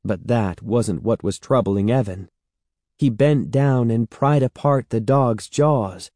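A lower-voiced man reads aloud from an audiobook at a measured, steady pace in a storytelling manner. The recording is dry with clean studio sound.

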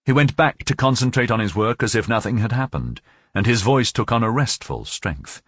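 A man narrating a novel as an audiobook, in a measured, expressive storytelling manner. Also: mid-range voice, breathy edge, no echo, clean studio sound.

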